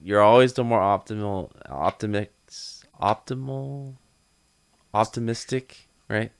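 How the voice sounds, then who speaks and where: A man with a smooth, resonant, slightly low voice talks bluntly on a casual podcast roundtable. He rants and laughs between his points. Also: takes it slowly. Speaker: podcast co-host.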